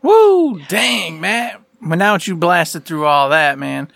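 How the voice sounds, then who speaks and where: A man's voice: on the high side, measured pace, creaky, pushed and bright, no echo. A young man co-hosting a casual gaming podcast, playful and teasing, whooping at his co-host.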